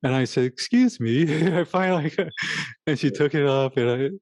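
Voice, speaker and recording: Man, casual chat, halting, restarts a lot, reflective, dry sound. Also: fairly high pitch, a little mellow, no echo. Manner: rambling, halting storytelling with many restarts; self-reflective, acts out his own inner voice. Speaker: podcast co-host. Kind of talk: casual conversation.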